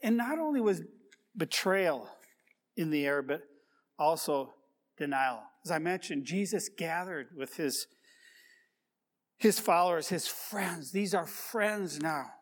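A man's voice: a little high, lively intonation, takes it slowly, pauses often. A male pastor delivering a sermon, reflective and full of rhetorical questions and repeated key words. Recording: long reverb of a large hall.

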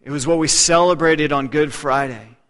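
A man in his thirties preaching a sermon, earnest, often dropping to a hushed voice to press a point. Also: a little high, normal speed. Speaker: pastor. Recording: long hall reverb.

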